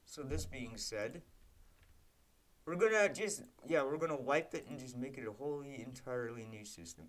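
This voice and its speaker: A man's voice: mid-range voice, animated, normal speed, a little hiss or hum. A man live-streaming as he codes a game, casually muttering code terms and breaking into frustrated, profane rants. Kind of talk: casual live-stream commentary while coding.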